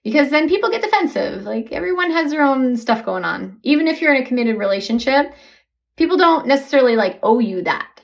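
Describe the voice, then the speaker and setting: Gravelly-voiced woman coaching on a podcast. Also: sits high, big pitch swings, brisk. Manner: conversational, acts out sample dialogues, laughs easily. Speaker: relationship coach and podcast host. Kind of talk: casual podcast coaching talk.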